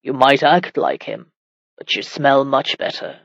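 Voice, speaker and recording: A woman reading the lines of a stern, protective medieval warrior husband in a gruff, low, terse voice. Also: unhurried, dry recording, highs cut off.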